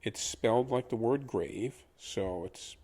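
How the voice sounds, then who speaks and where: Pria pengajar bahasa yang lambat dan sabar. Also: male voice, mid-range voice, mellow. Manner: patient, repeats words slowly. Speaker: language teacher. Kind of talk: slow pronunciation lesson.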